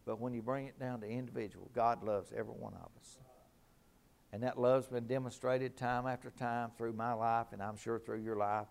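A man's voice: medium pitch, steady tone, moderate pace, vocal fry, darkish tone. A middle-aged man preaching a sermon in a fervent, emphatic way, repeating his key lines.

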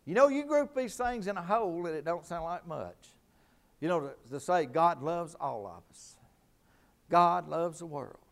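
A man's voice: fairly high pitch, expressive, moderate pace, gravelly, fairly bright tone. A middle-aged man preaching a sermon in a fervent, emphatic way, repeating his key lines.

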